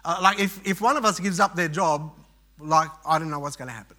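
A man's voice: on the high side, a little fast, sharp tone. A middle-aged man pastor preaching, telling a personal story with frequent restarts and fillers. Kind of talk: sermon.

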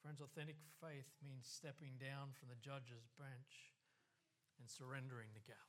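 A man's voice: medium pitch, flat delivery, normal speed, fairly bright tone. A man preaching a sermon, passionate and earnest, with the voice rising and falling. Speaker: pastor.

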